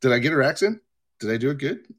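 A man's voice: medium pitch, animated, quick pace. A man hosting his own livestream from home, rambling casually with profanity and self-mocking asides. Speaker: livestream host.

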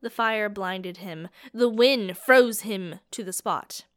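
A woman narrating a fantasy audiobook in a slow, measured, dramatic way. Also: medium pitch.

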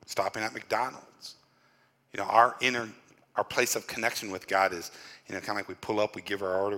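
A man's voice: fairly low pitch, sharp tone, big-room sound. A male pastor giving a conversational sermon in church, often repeating words and dropping in "you know". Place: church during a worship service.

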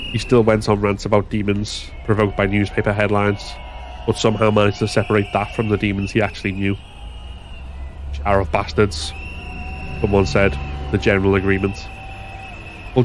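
A man reads a story in a steady, measured narration. His voice sits low, and a faint hum of noise runs beneath the reading. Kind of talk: scripted narration.

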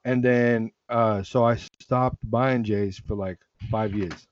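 A man hosting a casual sneaker chat, relaxed and rambling, often restarting his sentences. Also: fairly low pitch, slow, dull audio. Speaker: sneaker podcast host.

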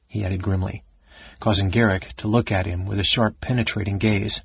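A man narrating an audiobook in a measured storytelling manner. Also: lowish voice, flat delivery, creaky, breathy edge, no echo. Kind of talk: scripted narration. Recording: dull lo-fi recording.

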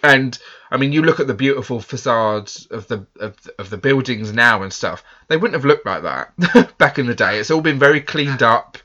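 Chatty English man, bright and casual. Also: medium pitch, animated, moderate pace, highs cut off. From England. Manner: chatty, self-deprecating, many fillers. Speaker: podcast host. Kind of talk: casual chat.

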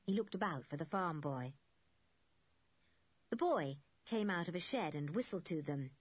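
Breathy woman narrating a children's story. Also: lowish voice, expressive, normal speed, no echo. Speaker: audiobook narrator. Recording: dull, lo-fi dry recording.

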